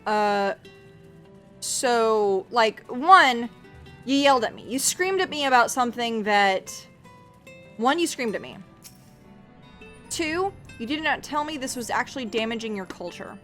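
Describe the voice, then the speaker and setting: A woman's voice: fairly high pitch, expressive, a little slow, pauses often, fairly bright tone, faint music behind. A woman streaming a game, chatting casually to her viewers in a rambling, profane way, often restarting her sentences. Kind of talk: casual livestream chat while playing.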